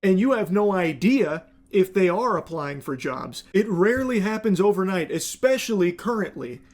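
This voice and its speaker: A man's voice: high-pitched, expressive, normal speed, darkish tone. A man delivering critical video commentary in a sarcastic, scolding tone. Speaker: commentary YouTuber.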